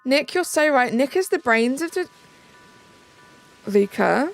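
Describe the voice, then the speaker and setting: A woman's voice: high voice, expressive, slow pace, creaky. A British woman hosting a live stream in casual chat, reading out and answering viewers' messages. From Britain. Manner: chatty, reads out and answers chat, thanks viewers. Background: faint background music.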